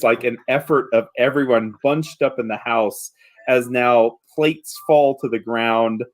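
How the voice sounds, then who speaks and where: Man narrating a tabletop game. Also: medium pitch. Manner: narrating with frequent um fillers. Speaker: game master.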